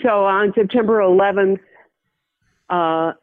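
An older woman from the Midwest, a veteran journalist, telling a personal story in an interview in a measured, reflective way, often restarting her sentences. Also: mid-range voice. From American Midwest. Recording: tinny phone line.

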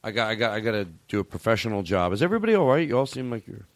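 A man's voice: fairly low pitch, big pitch swings, very fast, no room sound, studio quality. A man hosting a comedy podcast in casual chat, rambling and riffing and cutting himself off mid-thought. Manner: rambling, riffing, self-interrupting. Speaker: podcast host.

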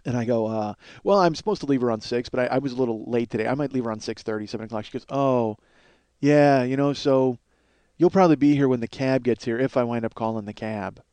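A man's voice: mid-range voice, fast talker, dark tone, clean tone, dry recording. A middle-aged man telling a rambling, self-mocking comic story as a podcast host. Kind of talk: casual comedic monologue.

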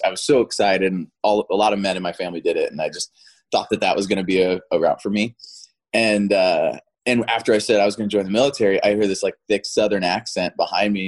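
A man in his thirties, an actor guest in a casual interview, rambling and repeating words as he talks, often laughing. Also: low voice.

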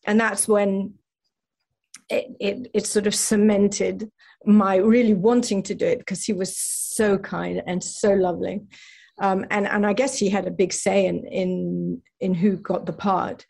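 A woman's voice: mid-range voice, little pitch movement, measured pace, gravelly, dark tone. A woman with an English accent, chatting in an interview, self-deprecating and stumbling through restarts with frequent laughs. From England. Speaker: actress guest. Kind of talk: casual interview chat.

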